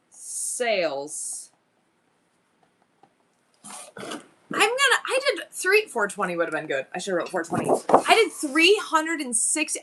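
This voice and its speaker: A woman live-streaming to her viewers, chatting casually and excitedly as she thinks aloud through her numbers and goals. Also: sits high, slight background noise.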